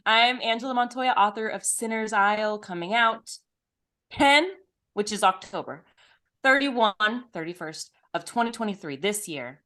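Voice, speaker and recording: A woman's voice: mid-range voice, normal speed, pushed and bright. A woman co-hosting a podcast in casual chat, playful and self-deprecating, with a slightly phlegmy throat. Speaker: podcast co-host.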